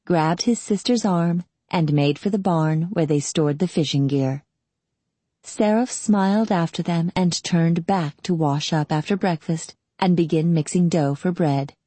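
A woman narrating an audiobook in a calm, steady storytelling manner. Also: lowish voice, measured pace, breathy edge, dry recording. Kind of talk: scripted narration.

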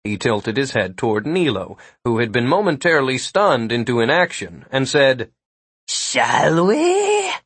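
A man narrating a fantasy story in a measured audiobook style. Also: medium pitch, expressive, a bit bright, breathy edge, no room sound. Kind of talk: scripted narration.

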